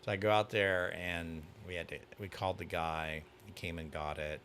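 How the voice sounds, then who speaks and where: Low-voiced man telling a lively story. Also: normal speed, slight background noise. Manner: animated anecdote teller. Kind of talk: casual chat, storytelling.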